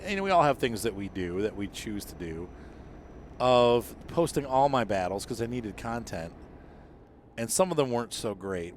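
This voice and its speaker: A middle-aged man with a fairly low voice, talking loosely as he plays. He wanders through his story, correcting himself and trailing off. A faint hum sits behind him. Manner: meandering, lots of fillers and self-corrections. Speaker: gaming channel host. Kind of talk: casual rambling monologue while gaming.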